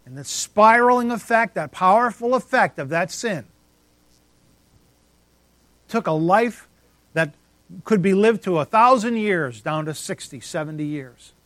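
A man preaching a sermon with emphatic swings in loudness, dropping to a near whisper on key words. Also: high voice, lively intonation, unhurried, pauses often, no room sound. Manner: emphatic, rising and dropping to near silence for effect. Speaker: pastor.

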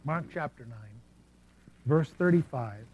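A man preaching a sermon, telling personal stories with an animated delivery that swings between soft asides and loud bursts. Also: medium pitch, takes it slowly, breathy edge, lo-fi sound. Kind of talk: sermon storytelling.

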